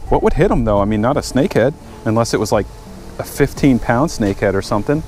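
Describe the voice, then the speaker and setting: A man's voice: medium pitch, lively intonation, quick pace, a little mellow, soft background music. A man talking casually to viewers while working on his car and fishing at a lake, chatty and easily frustrated. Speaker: fishing vlogger. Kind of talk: casual vlog narration. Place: outdoors by a lake.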